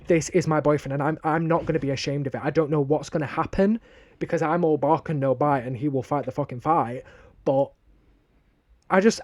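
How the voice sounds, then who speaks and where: Sweary young Northern English man. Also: fairly high pitch. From northern England. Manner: blunt and heavily sweary, animated storytelling. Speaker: podcast co-host. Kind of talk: casual podcast chat.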